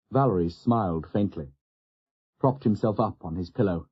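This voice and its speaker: A man narrating an audiobook in a steady, even storytelling manner. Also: fairly low pitch, moderate pace, slightly rough, dull audio. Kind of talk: scripted narration.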